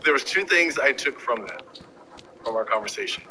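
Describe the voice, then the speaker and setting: A man opening a sports interview in an excited, upbeat way. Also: mid-range voice, normal speed, a little hiss or hum, low-quality recording. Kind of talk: broadcast interview intro.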